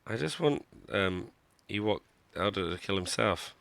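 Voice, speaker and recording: A man streams a mobile game live, chatting wryly and mocking himself as he plays. His voice sits very low, with a gravelly edge and a bright, forward tone. The recording is dry and close, with no room echo. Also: expressive, a little slow. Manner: wry, joking, self-mocking. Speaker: gaming streamer. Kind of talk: live gameplay commentary.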